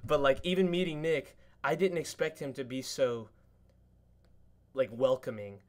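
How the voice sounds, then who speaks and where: A man talking on a podcast with an average pitch, telling stories of meeting friends with lively excitement. He swears a lot and jumps far up in pitch when acting out what people said. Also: unhurried. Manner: excited storytelling, lots of cursing and fillers; acts out quotes in a much higher voice. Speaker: podcast guest. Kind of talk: casual podcast chat.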